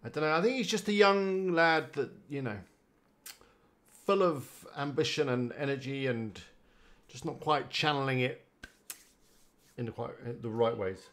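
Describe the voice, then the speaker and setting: A man's voice: mid-range voice, measured pace, pauses often, a bit bright. A man chatting casually on a live stream, rambling and greeting viewers by name. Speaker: live-streaming website builder.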